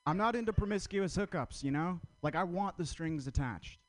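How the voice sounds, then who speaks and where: A man doing stand-up at an open mic, delivering dry, quick one-liners. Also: high-pitched, lively intonation. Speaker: stand-up comedian.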